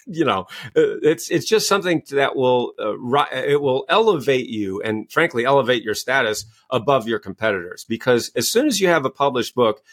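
A man's voice: mid-range voice, a bit bright. A man, a coach and author, answering interview questions with enthusiastic storytelling. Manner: enthusiastic, storytelling, acts out quoted voices. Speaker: guest, executive coach and author.

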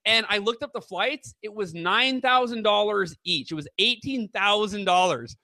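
A man's voice: sits high, moderate pace, bright, forceful tone, dry recording. A man as an author guest in an interview, telling stories with rambling enthusiasm. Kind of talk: casual interview chat.

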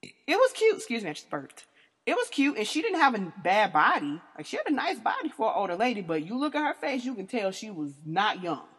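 A woman's voice: on the high side, husky. A woman in her thirties hosting a podcast, telling a story in a blunt, crude, laughing way. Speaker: podcast host. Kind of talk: candid storytelling. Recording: long reverb.

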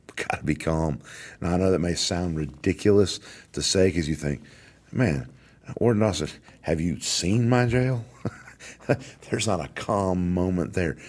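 A middle-aged corrections warden who hosts a podcast delivers an emphatic motivational talk, repeating its key phrases. His voice is very deep with a darkish tone.

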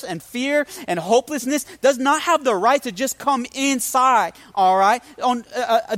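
Man, pastor, very high voice, energetic humorous sermon, livestream preaching. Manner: energetic storytelling with humor and call-outs to the audience.

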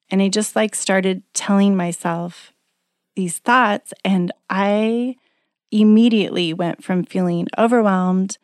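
A woman's voice: mid-range voice, steady tone, a little slow, dry recording, clean studio sound. A middle-aged woman, a single mother, talking earnestly in a chatty, coaching motivational talk. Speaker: self-help speaker.

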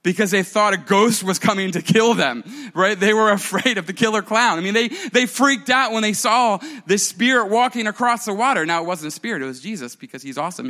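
A man preaching a sermon to a church congregation in an animated, conversational way, with playful asides. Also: sits high, big-room sound. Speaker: pastor.

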